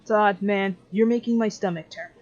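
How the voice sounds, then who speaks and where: A woman voicing a quiet, curious teenage boy in a plain, everyday voice. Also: medium pitch, moderate pace, dull audio, close to an everyday voice.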